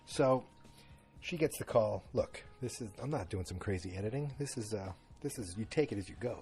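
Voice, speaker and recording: A man with a somewhat low voice rambles casually through a podcast recap, chatty and full of fillers. He talks from home with faint music in the background. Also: expressive, normal speed, darkish tone. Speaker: podcast host. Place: at home in New England, moving about with his dog.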